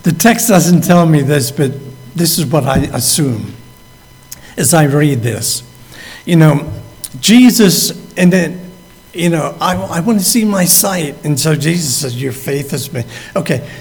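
A man's voice: fairly high pitch, animated, a little slow, creaky, darkish tone. A man preaching a sermon, acting out the figures in the story as he tells it. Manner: acts out the quoted speakers as he tells the story. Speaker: pastor. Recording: long hall reverb.

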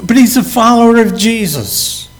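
A man's voice: extremely high pitch, expressive, moderate pace. A man preaching a sermon, acting out the figures in the story as he tells it. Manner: acts out the quoted speakers as he tells the story. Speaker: pastor. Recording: long hall reverb.

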